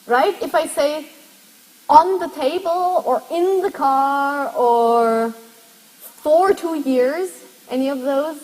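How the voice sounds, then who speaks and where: A woman's voice: sits high, takes it slowly, darkish tone, in a large hall, poor audio. A woman lecturing a university class, explaining step by step and putting questions to her students.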